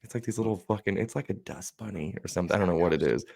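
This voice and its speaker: Low-voiced man telling a wild story. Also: rapid-fire, gravelly. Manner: animated storyteller, acts out quoted friends, swears freely. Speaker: podcast co-host. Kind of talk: casual storytelling.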